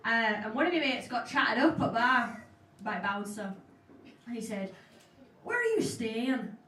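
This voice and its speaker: A woman's voice: fairly high pitch, normal speed, a little hiss or hum. A woman with a Yorkshire accent, a singer-songwriter hosting a live show, chatting and joking between songs in a self-mocking way. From Yorkshire, England. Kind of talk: stage banter between songs. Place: small indoor music club stage. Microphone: stage mic heard from a distance. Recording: echoey club, distant mic, loud music.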